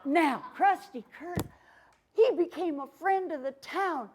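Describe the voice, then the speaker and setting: A woman's voice: very high voice, unhurried, darkish tone. A woman storyteller in a folksy cowgirl persona, telling a story to children in a library story room and having them repeat lines after her.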